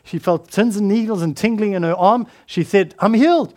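A male preacher with a high-pitched voice, delivering a sermon earnestly. He often repeats words and restarts phrases as he builds his point. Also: moderate pace, mellow.

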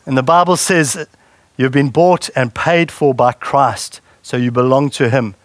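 A man's voice: medium pitch, unhurried, no room sound. A man preaching a sermon in a conversational way and putting questions to the congregation. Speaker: pastor.

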